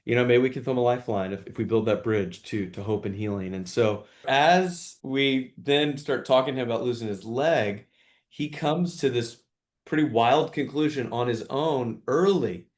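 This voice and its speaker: A middle-aged man, a father, telling a story in an interview with earnest warmth and acting out quoted dialogue. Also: medium pitch, moderate pace. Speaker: guest, father.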